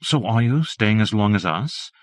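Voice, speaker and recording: A calm, gently teasing young woman speaks in this storybook reading, voiced by a man narrating. The voice sits fairly low. The sound is dry and close. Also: normal speed, no echo, close to an everyday voice. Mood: cool teasing.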